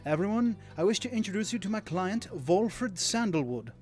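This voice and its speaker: Dude doing a polite young minstrel from a fantasy game, respectful, kinda raised voice. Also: male voice, high voice, sing-song, moderate pace, a little mellow, faint music behind, pitched above the performer's own voice. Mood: courteous. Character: polite young male minstrel, loyal and courteous. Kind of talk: reading game dialogue aloud with voices.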